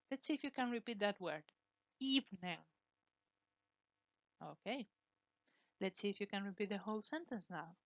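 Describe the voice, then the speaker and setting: A woman teaching English pronunciation, slowly and deliberately modelling words for students to repeat. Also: mid-range voice, gravelly, a bit bright, dry recording, highs cut off. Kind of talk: pronunciation lesson with drills.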